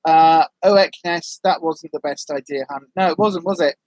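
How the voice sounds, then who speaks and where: A woman's voice: deep voice, normal speed, darkish tone, no room sound. A woman chatting casually on a livestream, reading out viewer comments in a rambling, friendly way with lots of ums. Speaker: vlogger, livestream host.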